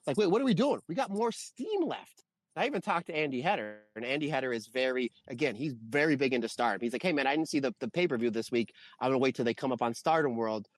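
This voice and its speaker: A man co-hosting a wrestling review podcast, talking in an animated, exasperated rant. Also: mid-range voice, dry recording. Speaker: podcast co-host. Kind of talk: casual wrestling review chat.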